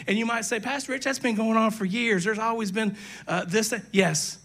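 An older male pastor preaching a sermon, emphatic, breaking into shouts and quick asides to the congregation. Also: high voice, fairly even intonation. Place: church sanctuary.

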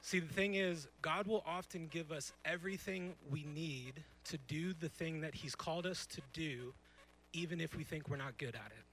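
A man's voice: on the high side, moderate pace, a bit bright, a little hiss or hum, poor audio. A young man in his twenties preaching a sermon on a church stage, emphatic and conversational, full of rhetorical questions. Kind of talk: youth sermon.

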